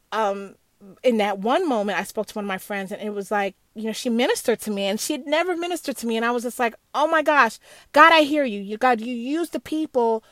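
Mulher de meia-idade, fala sincera e emotiva, som seco. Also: female voice, on the high side, no room sound. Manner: earnest, emotional, many restarts and asides. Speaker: speaker sharing a personal faith message. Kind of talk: candid personal reflection.

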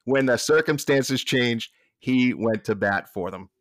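A man with a Boston accent, a podcast guest talking with passion and many quick restarts. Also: medium pitch, no echo, studio quality. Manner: passionate, fast restarts and repeated words. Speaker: podcast guest, staff writer. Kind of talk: casual podcast chat.

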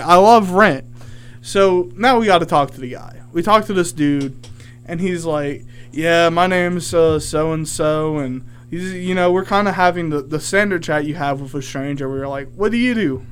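A man's voice: a little high, smooth. A young man hosting a college radio show, telling a rambling story with lots of fillers. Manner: animated, rambling with many fillers. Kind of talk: casual storytelling chat.

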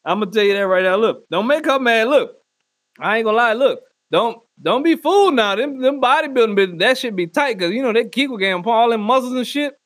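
A man delivering a loud, profane comedic rant and often slipping into mock voices. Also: very high-pitched, animated, a little fast, no room sound. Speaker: comedy podcast host. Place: Northwest Arkansas.

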